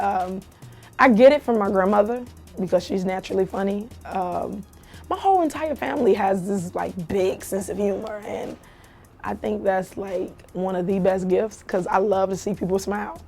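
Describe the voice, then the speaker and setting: A young woman, an actress and comedian, telling family stories in a casual interview, animated and quick to laugh. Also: medium pitch, soft background music. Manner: animated, laughs easily, acts out family quotes.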